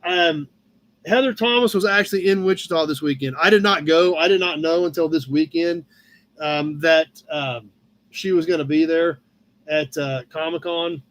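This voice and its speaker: A Midwestern American man hosts a casual live-stream chat, his voice pitched high. He rambles easily through viewers' posts, sprinkling in fillers and thanking people by name. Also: moderate pace, fairly bright tone. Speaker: host of a live car-hobby chat show. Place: home room with a cat nearby.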